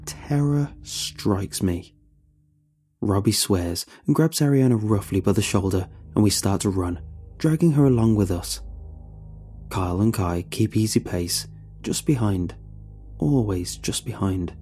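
Man, horror storyteller, tense, measured, dark mellow tone, husky. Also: on the low side, lively intonation, faint music behind. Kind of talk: first-person horror narration.

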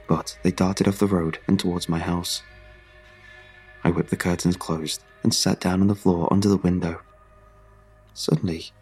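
A man narrating a first-person horror story in a steady, measured way. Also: low voice, creaky, breathy edge.

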